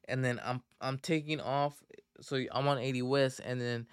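A man's voice: medium pitch, level tone, moderate pace, clean tone, dry recording, clean studio sound. A young adult man hosting a podcast, telling a story casually in profane slang that rambles and restarts often. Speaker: podcast host.

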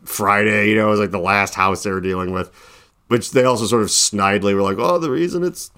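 He talks fast in a fairly low, steady voice that sounds pushed and bright. A young adult podcast host, he rambles casually through a long late-night tale, full of "like," performing both ends of his phone calls.

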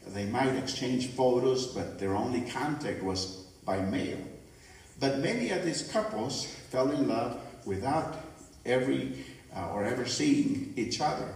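A man's voice: medium pitch, measured pace, a little mellow. A middle-aged man preaching a sermon, telling folksy stories with playful bursts of song and sound effects. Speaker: pastor. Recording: echoey room from far off.

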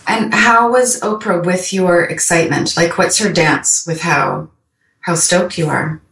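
A woman's voice: fairly low pitch, measured pace, a bit bright. Host woman in a roomy, distant recording. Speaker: podcast host. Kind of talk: interview conversation. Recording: roomy, distant mic, faint background noise.

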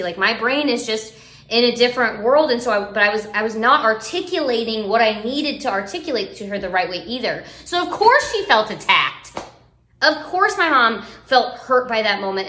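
Woman in her thirties, parent, chatty, bright voice, roomy echo. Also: on the high side. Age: 30s. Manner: chatty, many "like" fillers. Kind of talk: casual chat.

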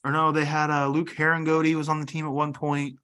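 Young male podcast co-host, bright and forceful tone, loose rambling sports banter. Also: on the high side, monotone, fast talker. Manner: rambling, joking, trails off naming players. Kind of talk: casual sports chat.

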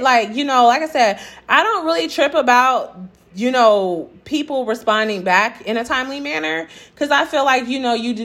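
A young woman with a fairly high voice tells her viewers a story in a blunt, incredulous, profane way. She reads out messages and throws in pointed, sassy comments along the way. Her delivery is casual, like unscripted storytelling. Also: fairly bright tone. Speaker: vlogger.

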